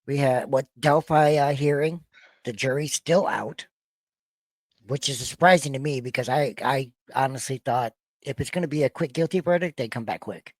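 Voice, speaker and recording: A man's voice: medium pitch, moderate pace, no echo. Gen x guy hosting a podcast, swears a lot, trips over his words, dry close sound. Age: 40s to 50s. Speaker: podcast host. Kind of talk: casual reaction-show banter.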